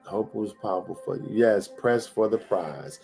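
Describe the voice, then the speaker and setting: A man's voice: fairly low pitch, measured pace, gravelly, dark tone, soft background music. A man hosting a live-streamed motivational talk. He repeats his lines and speaks straight to the viewers, over and over. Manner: preachy and repetitive, talks straight to viewers.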